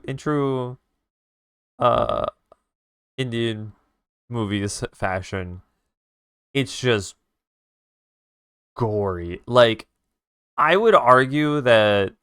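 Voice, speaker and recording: A man streaming live, retelling a movie plot in a casual, swearing, animated way with sound effects. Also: mid-range voice, clear, resonant tone, dry recording, clean studio sound. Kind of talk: casual storytelling while drawing on stream.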